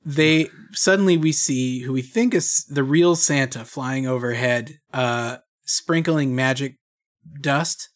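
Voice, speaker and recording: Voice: medium pitch, takes it slowly. Podcast co-host making dry jokes. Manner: dry, joking asides and plot summary. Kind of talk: casual podcast chat.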